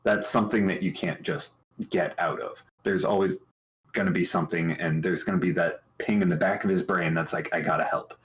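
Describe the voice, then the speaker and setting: A man talking casually about his tabletop game character, thoughtful and halting, with many restarts. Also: sits low, fairly even intonation, rough recording. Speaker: tabletop game player on a talk show.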